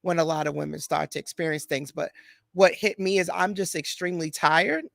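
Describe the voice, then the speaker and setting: A woman in her forties hosting a podcast, chatting in a relaxed way with frequent fillers. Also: lowish voice, a little fast, creaky, no echo, clean studio sound. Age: 40s. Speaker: podcast host. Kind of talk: casual conversational interview.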